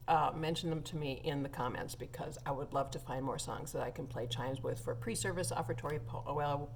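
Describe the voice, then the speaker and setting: A woman's voice: lowish voice, slight background noise. Chatty woman organist telling a church story. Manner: chatty, laughs often, many fillers. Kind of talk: casual anecdote to viewers.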